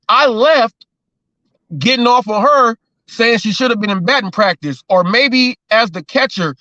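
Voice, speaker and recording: High bright-voiced male talk host. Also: no echo, lo-fi sound. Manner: rambling, riffing with jokes and repeats. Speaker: show host. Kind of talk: casual talk show banter.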